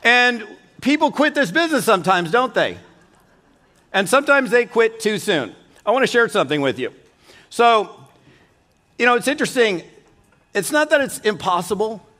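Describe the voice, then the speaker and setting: A middle-aged man giving a motivational keynote, telling folksy stories in an animated way and acting out the people he quotes. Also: sits high, normal speed, pauses often. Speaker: keynote speaker. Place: conference stage.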